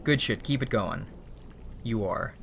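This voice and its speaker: A man voicing his own personified ego, a calm and judging figure that speaks tersely and low. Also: measured pace, vocal fry, a little hiss or hum.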